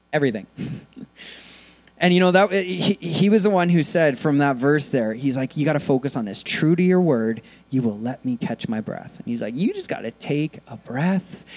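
Animated, chatty male preacher. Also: fairly high pitch. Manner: conversational, animated preaching with many fillers. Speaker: pastor. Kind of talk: sermon.

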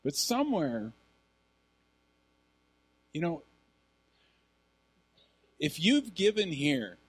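A middle-aged man delivers a sermon as a pastor. His voice sits a little high for a man. He tells stories in an animated, conversational way. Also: very slow, husky.

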